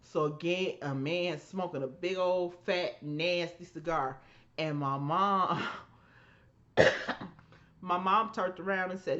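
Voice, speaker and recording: A woman co-hosting a podcast, telling family stories in an emphatic, animated way and acting out the voices she quotes. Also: on the low side, slow pace, dull audio. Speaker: podcast co-host. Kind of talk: casual storytelling chat.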